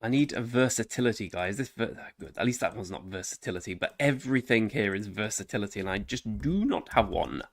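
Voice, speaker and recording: A man's voice: on the low side, expressive, brisk, hardly any pauses, dry recording, studio quality. A man giving casual gameplay commentary, chatting to himself and his viewers with frequent exclamations. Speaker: game streamer.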